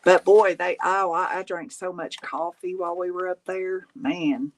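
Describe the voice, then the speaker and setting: A woman's voice: lowish voice, fairly even intonation, a little slow, rough recording. A woman from Tennessee with a Southern accent, hosting a craft livestream and chatting casually with folksy exclamations while she works. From Tennessee, USA.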